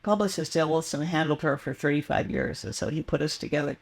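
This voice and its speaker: An older woman, a guest in a casual interview, speaks fast in a low, creaky voice. She tells loose, meandering anecdotes, full of ums, restarts, and self-corrections.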